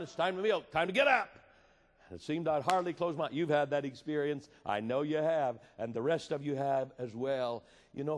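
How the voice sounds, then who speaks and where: A man preaching a sermon with passion, moving between loud appeals and hushed storytelling. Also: fairly high pitch. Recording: reverberant hall.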